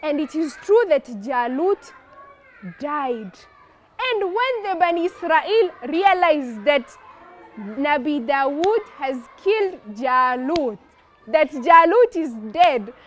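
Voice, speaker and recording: A woman telling a story to children in an animated, expressive, playful way. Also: very high voice, slow, a little hiss or hum.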